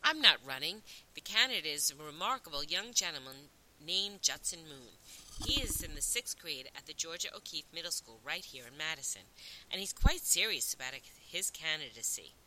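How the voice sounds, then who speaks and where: A smooth-talking twelve-year-old boy, as a woman reads him, polite, earnest and persuasive. The voice is bright and lively, rising and falling as he makes his case. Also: sits low, moderate pace, a little hiss or hum, heavily acted, low-quality recording. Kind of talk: audiobook reading.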